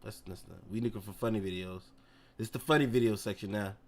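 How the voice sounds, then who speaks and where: A man's voice: on the low side, steady tone, fast. A man streaming live, reacting to clips in casual, slangy chat and laughing often.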